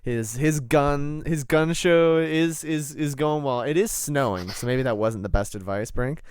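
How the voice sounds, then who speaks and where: A young man narrating as game master, halting and full of fillers. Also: fairly high pitch, a little mellow, smooth, no echo, studio quality.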